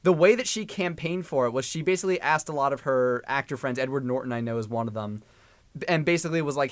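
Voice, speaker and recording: A man's voice: medium pitch, fast, dry recording. Wry young man, dry close voice. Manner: wry, explains with dry humor. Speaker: podcast co-host. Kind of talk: casual movie chat.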